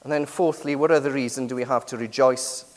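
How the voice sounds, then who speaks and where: A man preaching a sermon with lively emphasis, many rhetorical and tag questions to the congregation. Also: medium pitch, brisk. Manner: lively, rising and falling emphasis. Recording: long hall reverb.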